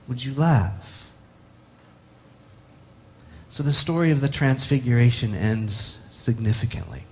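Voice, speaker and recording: A man's voice: mid-range voice, lively intonation, unhurried, pauses often, a little hiss or hum. A man preaching a sermon, reflective and posing many rhetorical questions to the congregation.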